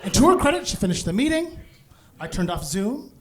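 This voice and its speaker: Male stand-up comic, very lively pitch, animated, laughing through his story on stage. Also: brisk, a crowd in the background. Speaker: stand-up comedian. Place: comedy stage.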